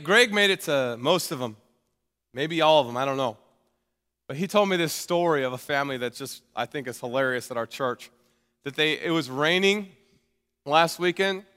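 A man preaching a sermon to his congregation in a casual, energetic way, often restarting his sentences. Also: on the high side, smooth. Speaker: pastor. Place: church sanctuary. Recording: long hall reverb.

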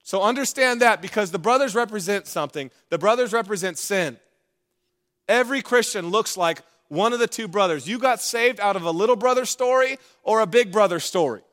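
A man's voice: high voice, animated, fairly quick, fairly bright tone. A man preaching a sermon in a playful, conversational way, with asides to the congregation. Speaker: pastor.

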